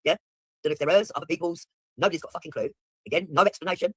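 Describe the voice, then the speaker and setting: A man's voice: a little high, racing, husky, no echo, studio quality. A man giving blunt, mocking, profane commentary while reacting to a video.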